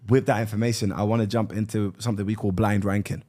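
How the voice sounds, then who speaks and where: A man's voice: on the low side, level tone, fast talker, warm tone. A man with an English accent hosting a casual interview, chatty and loose, with lots of fillers and restarts. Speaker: host.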